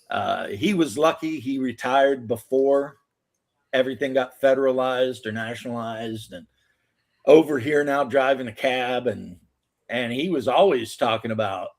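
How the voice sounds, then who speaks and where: An American man telling stories in loose, profane casual chat. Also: medium pitch. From United States. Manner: animated storytelling, swearing. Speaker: podcast host.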